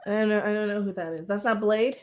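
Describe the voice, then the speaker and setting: A woman's voice: mid-range voice, brisk, lo-fi sound. Distracted woman co-host. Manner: distracted, offhand. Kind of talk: casual chat while playing a video game.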